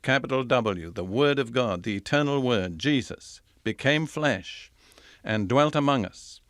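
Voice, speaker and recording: An older man delivers a recorded sermon, reading scripture with measured emphasis and then unpacking it. His voice sits at an ordinary middle pitch. The sound is close and dry, with no room around it. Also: fairly bright tone, clear, resonant tone, no echo. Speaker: Bible teacher.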